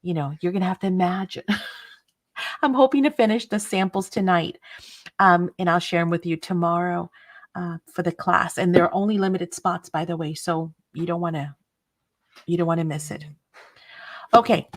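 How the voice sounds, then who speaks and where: A woman's voice: lowish voice, fairly even intonation, moderate pace, pauses often. A woman hosting a casual craft livestream, chatting and laughing often and greeting viewers by name.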